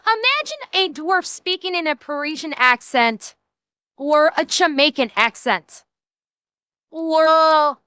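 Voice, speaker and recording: A young woman reacts on a live stream, ranting and cursing in exasperation. Her voice is high and bright and she talks at an unhurried pace. The sound is dry and close. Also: no room sound.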